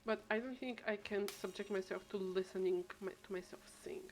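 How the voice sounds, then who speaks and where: A woman streamer talks to her chat while she plays, rambling from thought to thought and often restarting her sentences. Her pitch sits in an ordinary middle range. A steady wash of noise hangs behind her voice. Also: brisk. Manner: rambling, chatty, thinks aloud with many restarts. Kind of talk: casual gameplay chat.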